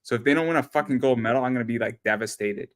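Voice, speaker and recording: Racing along in a mid-range voice, this podcast host keeps the conversation casual. He wanders from point to point, curses freely, and often says the same words over again.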